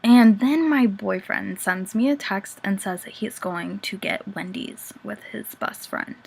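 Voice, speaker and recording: A young woman vlogger talks casually to the camera, confessing her feelings. Her medium-pitched voice is a little slow and creaky with a breathy edge. She's chatty, fills her speech with "like," and sometimes drops to a whisper.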